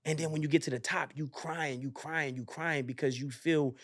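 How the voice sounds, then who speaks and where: A young man talking in a casual podcast chat, his voice sitting a little high for a man. He swears freely and tells a winding motivational story, jumping into the voices of the people in it. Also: moderate pace, no room sound, clean studio sound. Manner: profane, animated, acts out voices in his stories.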